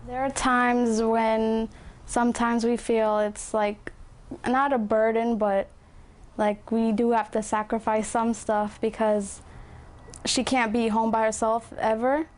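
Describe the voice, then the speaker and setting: A woman speaks slowly in a flat, even tone. Her voice is a little high. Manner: slow, even, measured.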